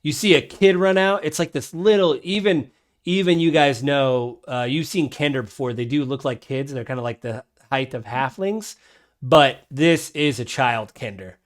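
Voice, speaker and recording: A male game master narrates a tabletop game in a middle-pitched voice. He rambles loosely and fills his pauses as he goes. His delivery is easygoing and unscripted. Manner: loose, with many fillers.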